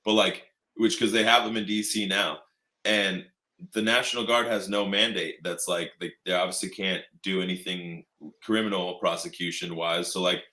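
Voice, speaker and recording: A man's voice: sits low, steady tone, moderate pace, bright, forceful tone, reverberant. A man co-hosting a podcast in casual chat, rambling and swearing, mocking the people he quotes in put-on voices. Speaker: podcast co-host.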